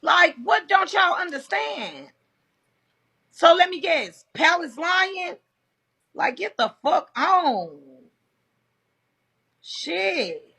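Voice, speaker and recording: Loud, heated woman streamer, slow and bright. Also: extremely high pitch, very animated, vocal fry. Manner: loud, profane and heated, addressing viewers. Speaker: livestream host. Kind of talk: casual livestream commentary.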